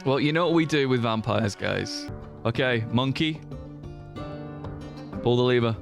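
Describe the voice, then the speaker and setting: A man's voice: mid-range voice, unhurried, gravelly, over music. A man narrating his own game playthrough with dry jokes and the odd curse. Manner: dry joking, swears, shouts in alarm at game events. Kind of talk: wry game narration mixed with live stream reactions.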